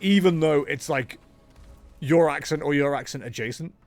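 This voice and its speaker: A man's voice: fairly high pitch, moderate pace, no echo, faint music behind. A young man streaming a game, chatting casually and rambling with jokes as he talks himself into ideas. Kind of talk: casual live-stream chatter while gaming.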